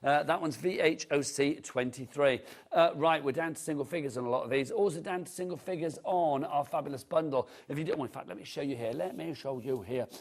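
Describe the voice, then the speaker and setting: A man's voice: on the high side, fairly quick. A man presenting on a live shopping channel, chatty and upbeat, reading out buyers' names, prices and item codes. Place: TV studio.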